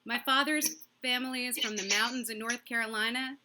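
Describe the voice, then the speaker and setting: A woman doing a stand-up comedy set from her own microphone on a video call, delivering quick, punchy jokes and laughing at her own lines. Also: on the high side, steady tone, very noisy. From Massachusetts.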